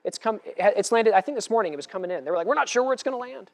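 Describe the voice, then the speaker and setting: Male pastor, animated sermon delivery, big loud peaks and soft asides, some humor. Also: sits high, rapid-fire, creaky. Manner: animated preaching, swinging from loud declarations to quiet asides, with humor.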